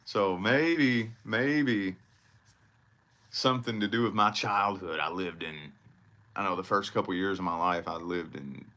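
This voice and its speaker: A man's voice: sits low, unhurried, pushed and bright. A man from southern Indiana with a slight country twang, giving a rambling, profane casual monologue on his vlog. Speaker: vlogger.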